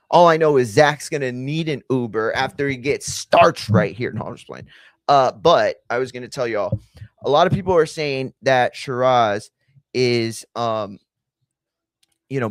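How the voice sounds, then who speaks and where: A man's voice: medium pitch, dry recording, clean studio sound. Slangy man streaming fight commentary. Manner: loose, slangy, chatty, addresses chat directly. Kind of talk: casual live-stream commentary.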